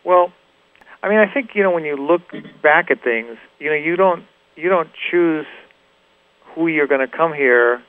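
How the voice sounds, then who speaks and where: A man from Los Angeles, a musician guest, reflecting in a halting way with frequent restarts and "you know". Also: a little high, lively intonation, no echo. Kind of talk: reflective interview talk. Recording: tinny phone-like radio recording.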